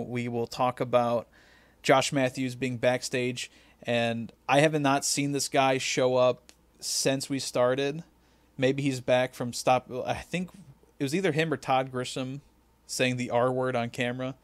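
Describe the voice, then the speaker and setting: A man co-hosting a casual podcast, recapping matches in a lively way and acting out quotes. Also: mid-range voice, a little slow, dry recording. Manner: animated recapping, acts out quotes. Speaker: podcast co-host. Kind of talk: casual chat.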